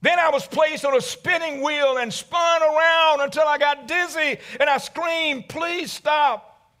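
Suffering talking teacup, put on by a male preacher: high, slow, pleading cries. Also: steady tone, bright, forceful tone, shouting, exaggerated voice. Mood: anguished. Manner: pleading, crying out.

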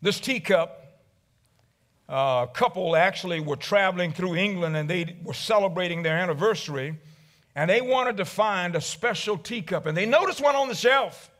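A male pastor preaching a dramatic sermon, swinging from loud to hushed. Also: sits high, expressive, normal speed.

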